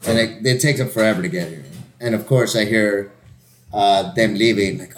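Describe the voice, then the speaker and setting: Profane, animated man telling a story. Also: on the low side, normal speed. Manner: profane, animated, acts out quotes in raised voices. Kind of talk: casual storytelling chat.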